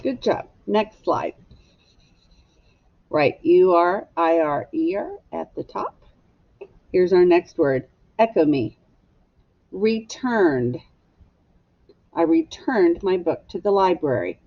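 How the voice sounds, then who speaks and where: A woman teacher leads a phonics lesson at a very slow, patient pace, stretching out each syllable for young children. Her voice sits a little low. The recording is a bit dull and lo-fi. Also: sing-song.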